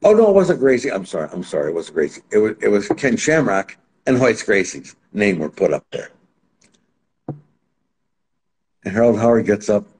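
Guest, male, lower voice, lively storyteller who acts out what people said. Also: brisk. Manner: animated, acts out quotes in other voices. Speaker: interview guest. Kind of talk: casual anecdotal storytelling.

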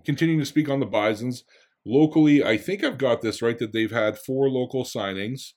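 A man's voice: medium pitch, moderate pace, a little mellow. A man hosting a casual podcast interview. He is also a football coach and asks long, rambling questions.

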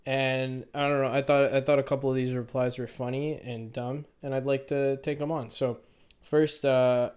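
A man's voice: mid-range voice, flat delivery, darkish tone, clean tone. A young man in his twenties hosting an unedited solo podcast, rambling casually with many halts and restarts. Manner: rambling, halting, self-correcting. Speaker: podcast host.

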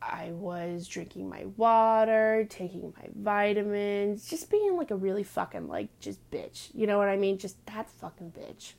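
A young woman venting in a casual vlog, blunt and crude, with lots of "like" fillers and the odd hushed aside. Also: mid-range voice, sing-song, unhurried, gravelly, hardly any pauses. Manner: drops to hushed asides now and then. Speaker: vlogger. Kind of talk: casual profane venting monologue.

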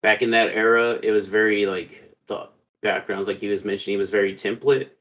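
A man hosting a casual podcast chat, talking in a relaxed, hesitant way with frequent pauses. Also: on the low side. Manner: hesitant, lots of fillers, relaxed.

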